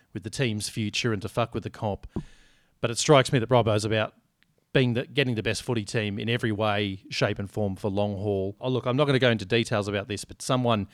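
A man's voice: on the low side, dry recording, studio quality. A man co-hosting a podcast, chatty and joking, swearing freely. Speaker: podcast co-host. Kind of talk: casual sports chat.

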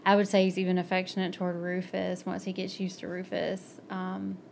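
A woman casually discussing a story in a thoughtful, measured way. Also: lowish voice, monotone, gravelly, a little mellow, slight background noise.

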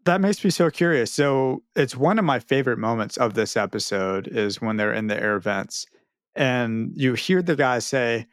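Animated man chatting on a podcast. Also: mid-range voice, normal speed, dry recording, studio quality. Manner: animated, rambling, laughs. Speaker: podcast co-host. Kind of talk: casual chat.

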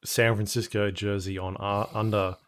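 A man's voice: on the low side, little pitch movement, moderate pace, fairly bright tone. A man co-hosting a gaming podcast from home, easygoing in casual chat. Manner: easygoing, laid-back replies. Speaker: podcast co-host.

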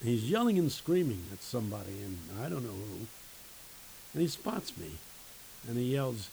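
A man who teaches at a university, preaching a sermon with emphatic, folksy storytelling and dramatic pauses. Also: medium pitch, very animated, gravelly, warm tone, slight background noise, poor audio.

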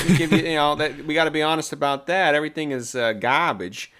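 A man hosting a casual trailer-review chat, his pitch bouncing up and down with real animation. He talks emphatically, stacking restarts and asides as he makes his point. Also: fairly quick, hardly any pauses. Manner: emphatic, repeats himself, lively asides. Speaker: podcast co-host reviewing trailers.

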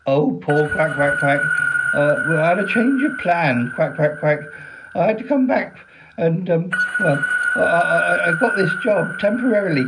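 A man's voice: fairly high pitch, expressive, unhurried, gravelly, heavy background noise. A man voicing a bumbling, cheerful male talking duck who quacks between sentences and stammers. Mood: flustered. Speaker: regular comedy character.

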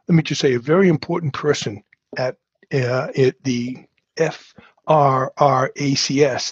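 A man's voice: a little high, slightly rough, no echo. Earnest Boston-accented man hosting a podcast. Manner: earnest, explains step by step. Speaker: podcast host. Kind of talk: casual interview. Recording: muffled, lo-fi dry audio.

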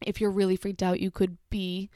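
A young adult woman telling a personal story in a casual, chatty way, with "like" running through every sentence. She sounds animated and engaged, with a mid-range voice. The recording is dry and close, with almost no room sound. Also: mid-range voice, normal speed, clean tone, no echo. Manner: chatty, heavy use of "like", animated retelling.

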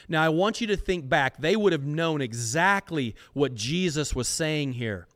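Male podcast host, preacher type: slightly high, smooth resonant voice, emphatic, rhetorical questions. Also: expressive, fairly bright tone. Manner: repeats words while searching, slows for stress. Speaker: podcast host teaching scripture. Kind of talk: sermon-style Bible teaching.

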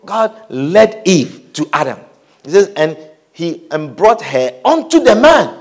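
A man delivers a sermon in a high voice that leaps up and down through his phrases. He preaches with fervor, breaking in with hallelujahs and putting questions to the congregation. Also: measured pace. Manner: animated preaching with calls of hallelujah and amen.

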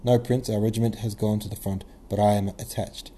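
A man's voice: lowish voice, flat delivery, a little fast, warm tone, a little hiss or hum, natural voice. A man voicing a carefree, amused young male officer in a novel reading, light and offhand. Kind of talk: audiobook character reading.

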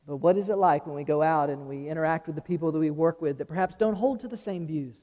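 Male pastor, high voice, folksy sermon with restarts, big reverberant church hall. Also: quick pace, dark tone, highs cut off. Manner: folksy preaching with repeated restarts, acting out quoted voices. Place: church sanctuary. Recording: long reverb of a large hall.

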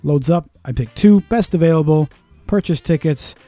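Podcast co-host: man with a mellow voice and a profane, grumpy ranting delivery, in pain. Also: fairly high pitch, normal speed, soft background music. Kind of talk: casual podcast chat.

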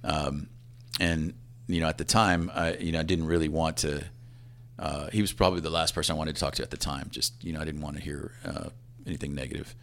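A man in his fifties, a police assistant chief, telling a personal story in a halting, reflective way that often trails off quietly. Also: very deep voice, fairly even intonation, vocal fry.

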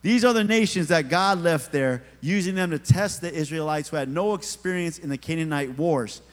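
A middle-aged man preaches in a church sanctuary, his voice a bit high for a man. He tells stories with easy humor and keeps checking in with the crowd. A long reverb trails each phrase. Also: normal speed. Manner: casual storytelling preaching with humor, talks to the congregation. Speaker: pastor. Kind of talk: sermon.

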